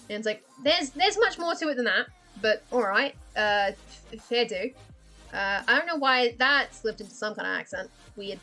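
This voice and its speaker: A woman's voice: a little high, expressive, normal speed, pushed and bright, faint music behind. A woman chatting casually and rambling while she draws on a livestream, swearing, laughing and putting herself down. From Australia. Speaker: livestreaming artist. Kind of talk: casual chat while drawing on stream.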